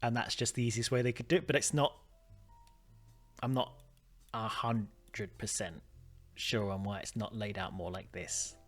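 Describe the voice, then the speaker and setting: A man's voice: fairly low pitch, fairly even intonation, normal speed, long pauses, soft background music. A man hosting a let's play, puzzling aloud over a detective game and often trailing off mid-sentence. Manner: thinking aloud, trailing off and restarting. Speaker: gaming video host.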